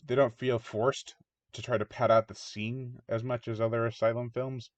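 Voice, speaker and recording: A man's voice: mid-range voice, level tone, normal speed, no echo. Chatty man reviewing a horror movie. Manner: rambling, chatty, mock voices for characters. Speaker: movie reviewer, channel host. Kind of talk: casual spoken movie review. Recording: dull lo-fi dry recording.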